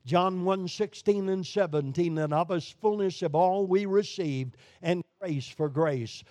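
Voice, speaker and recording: A man from Brooklyn preaching a sermon, emphatic, with sudden swings between loud declarations and quiet, low lines. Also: unhurried, no echo. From Brooklyn, New York. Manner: emphatic preaching with sharp rises and drops in volume.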